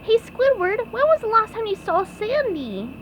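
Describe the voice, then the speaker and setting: A woman voicing an eager young male sea sponge detective from a cartoon storybook, squeaky and earnest. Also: very animated, normal speed, noisy background. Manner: squeaky and earnest, stammers when scared.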